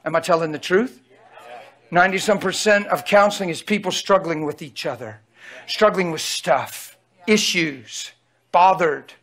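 A man's voice: sits high, unhurried, fairly bright tone. A man preaching a sermon in an emphatic, folksy way, repeatedly calling out to his audience.

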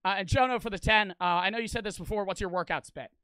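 High, bright-voiced male streamer. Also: fast, clean tone, dry recording. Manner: casual, profane, easygoing. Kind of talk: livestream chat, reading donations.

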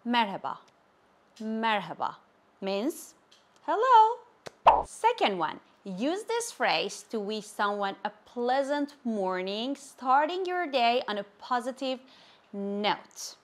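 A woman giving a language lesson, saying each phrase slowly and repeating it with care. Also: a little high. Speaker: language teacher. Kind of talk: slow, clear language lesson.

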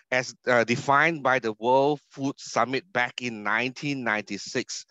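A man with a Singaporean English accent delivers an online conference lecture, leaning on key words and posing rhetorical questions to his listeners. His mid-pitched voice comes through a dull, dry video call mic with a slightly muffled, lo-fi sound. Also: lively intonation, unhurried, fairly bright tone, dry recording. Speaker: keynote speaker, university academic. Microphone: video call computer mic.

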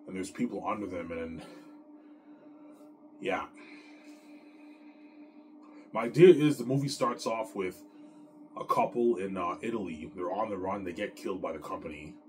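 A man with a very deep voice chats casually to his audience. He rambles with excitement, often stumbling and repeating words. Clear music plays underneath. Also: normal speed, pauses often. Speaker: vlogger. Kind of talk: casual chat.

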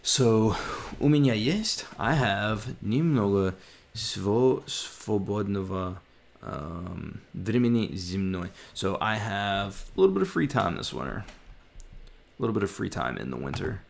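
A man vlogging his language study, thinking aloud, haltingly sounding out words and correcting himself. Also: lowish voice, sing-song, vocal fry.

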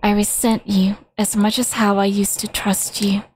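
A woman voicing a dying young girl who pleads weakly and slowly, close to a whisper. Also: mid-range voice, little pitch movement, darkish tone, a little hiss or hum, lightly acted. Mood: weak, pleading.

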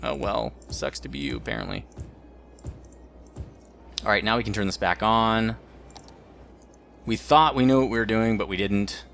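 A man's voice: on the low side, lively intonation, normal speed, gravelly, long pauses, fairly bright tone, soft background music. A man rambling through let's play commentary as the host of a gaming channel, joking about his own mistakes.

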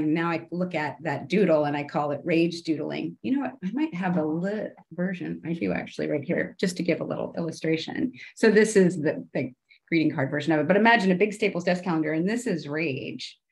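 A middle-aged woman, a former television showrunner, chatting in an interview and acting out her past dialogue in a brighter voice. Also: fairly quick. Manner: animated, chatty, acts out her own past dialogue in a higher voice. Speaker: podcast guest, television showrunner turned artist. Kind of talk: casual interview storytelling.

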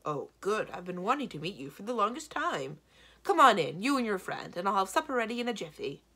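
A woman's voice: fairly low pitch, lively intonation, normal speed, vocal fry, breathy edge, full character voice. Balamor, a friendly female giantess, read by a woman. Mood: eager, friendly. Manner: overly pleasant, then warmly eager.

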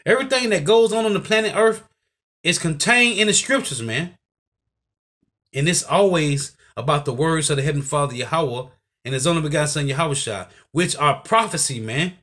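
A man with a high voice preaches to his listeners. He is emphatic and keeps tossing in "man" and "right?" as he drives each point home. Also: expressive, moderate pace, fairly bright tone. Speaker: bible teacher. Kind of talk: preaching commentary.

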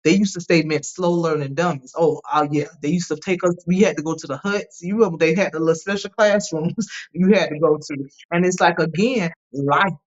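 A woman guest on a podcast, telling personal stories in an emphatic, animated way and often asking "right?" as she goes. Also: fairly low pitch, fairly quick. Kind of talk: candid personal storytelling. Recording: dull lo-fi sound.

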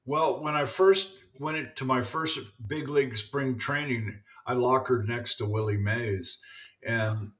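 A man's voice: mid-range voice, fairly even intonation, measured pace, a bit bright. A man in his seventies, a former ballplayer, telling rambling anecdotes in an interview with lots of "you know". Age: 70s. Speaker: former baseball pitcher, guest. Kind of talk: storytelling interview.

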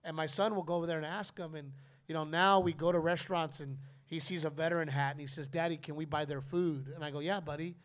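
Middle-aged guy cussing thru funny stories on a live podcast, kinda high voice. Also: fast. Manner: profane, animated storytelling. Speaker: comedian podcast host. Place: live audience at a distillery.

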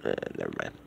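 A man's voice: low voice, gravelly, fairly bright tone, slight background noise. A young man, just woken up, rambling crudely and jokily in a casual vlog monologue, swearing often.

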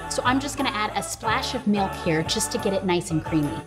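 A woman's voice: mid-range voice, expressive, fairly quick, music in the background. A woman hosting a casual cooking tutorial in her home kitchen, chatting straight to viewers and laughing often. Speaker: host.

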